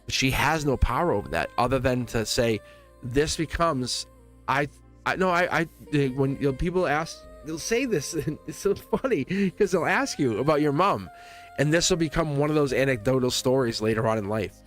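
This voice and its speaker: A man's voice: medium pitch, animated, moderate pace, fairly bright tone, faint music behind. Earnest rambling male tarot reader. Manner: earnest, reassuring, rambling with restarts. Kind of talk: live tarot reading.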